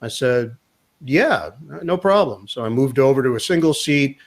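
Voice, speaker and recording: A man's voice: mid-range voice, moderate pace. A man, a sportscaster, telling a long anecdote in a casual interview and acting out the quotes. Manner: lively storyteller acting out quotes. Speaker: sportscaster guest. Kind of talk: storytelling anecdote in a chat.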